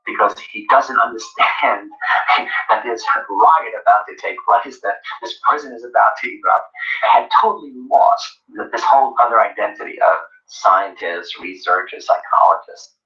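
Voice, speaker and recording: A man's voice: on the low side, normal speed, pushed and bright. A man being interviewed, earnestly recounting what happened and acting out what others said. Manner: reflective, earnest, acts out quotes. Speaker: interviewee, researcher recounting events. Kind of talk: interview recollection. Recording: roomy, dull, from a distance.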